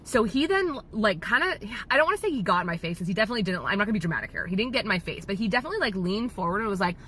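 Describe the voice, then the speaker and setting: A woman who owns a photo studio telling a client story in a fast, rambling way, full of "like". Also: mid-range voice, very animated, fairly bright tone, slight background noise. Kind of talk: casual storytelling vlog.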